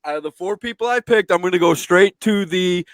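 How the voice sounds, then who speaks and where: High-voiced excitable man, dry sound. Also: brisk, dry recording. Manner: excitable, stammering, repeats himself. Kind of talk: casual chat.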